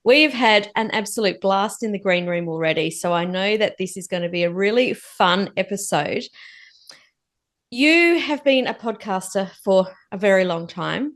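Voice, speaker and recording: A woman's voice: mid-range voice, animated, moderate pace. A woman hosting a podcast, upbeat and enthusiastic in a casual interview. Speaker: podcast host.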